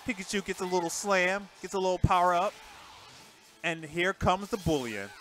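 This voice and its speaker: A man giving live, casual commentary on a fighting game tournament, excitable and chatty, jumping between loud outbursts and low mutters. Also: normal speed, faint music behind.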